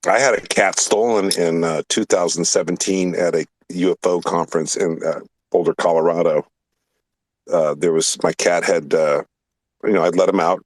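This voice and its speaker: A low-pitched man hosting a loose talk show, rambling through a story with plenty of profanity and emphatic asides. His voice is recorded dry and close, with no room sound. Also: fairly even intonation, moderate pace, no room sound. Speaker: podcast host. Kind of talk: casual storytelling chat.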